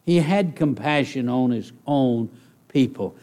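A man's voice: medium pitch, expressive, measured pace, dark tone. A man preaching a sermon, earnest and conversational, rising to emphatic, raised passages. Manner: conversational asides, direct questions to the congregation.

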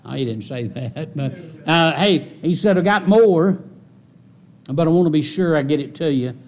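A man preaching a sermon in a folksy way, repeating key phrases and rising into loud exhortation. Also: expressive, normal speed. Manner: rises to loud, high-pitched exhortation. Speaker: pastor.

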